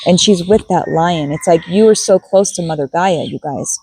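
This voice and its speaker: A woman's voice: lowish voice, moderate pace, warm tone, a little hiss or hum, low-quality recording. A woman giving a spiritual card reading to her viewers, musing aloud and repeating key words as she goes. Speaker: tarot and oracle card reader.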